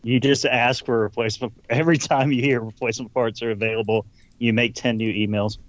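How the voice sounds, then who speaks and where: A man's voice: medium pitch, little pitch movement, fairly quick, no room sound, lo-fi sound. A man co-hosting a podcast in casual banter, ribbing his friends in a wry tone. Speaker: podcast co-host.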